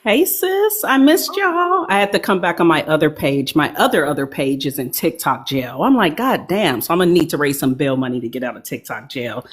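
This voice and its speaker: Woman, playful and chatty, lowish voice with big swings in pitch. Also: very animated, brisk, few pauses. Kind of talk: casual chat.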